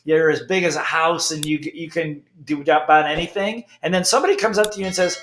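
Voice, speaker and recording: A middle-aged man giving an emphatic, animated motivational talk, often checking in with "okay?". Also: a little high, fairly quick, roomy sound, a little hiss or hum. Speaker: speaker.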